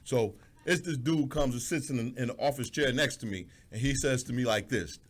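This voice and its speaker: A man hosting a radio talk show, spinning a story in a loose, profane, animated way with a mid-range voice. Faint music plays behind him. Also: mid-range voice, brisk, hardly any pauses. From Columbus, Ohio. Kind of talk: casual storytelling chat.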